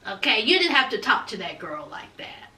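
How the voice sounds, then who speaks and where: A woman's voice: a little high, very animated, normal speed, pushed and bright, reverberant, distant mic. A woman recapping a reality show in sassy, casual commentary, talking straight to her viewers. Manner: sassy, talks straight to viewers with "honey" and "child".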